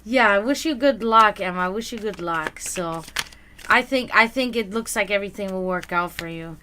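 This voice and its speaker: Bright-voiced woman doing stream readings. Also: mid-range voice, moderate pace, a little hiss or hum. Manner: easily flustered, breaks into loud laughter; reads tarot cards for viewers. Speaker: psychic reader on a live stream. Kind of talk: casual live-stream chat, reading viewer questions.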